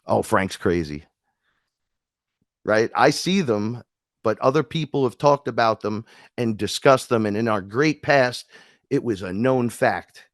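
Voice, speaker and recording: With a mid-range voice and a slightly slow pace, a man talks as a guest, animatedly sharing rambling, emphatic spiritual stories and doing the voices of their characters. The studio recording is clean, with no room sound.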